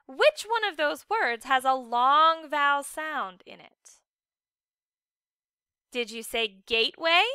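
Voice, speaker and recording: A woman's voice: high-pitched, sharp tone, no room sound, studio quality. A woman teacher giving a recorded phonics lesson for children, patient and encouraging, drawing out each word with exaggerated care. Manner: slow, exaggerated enunciation of words.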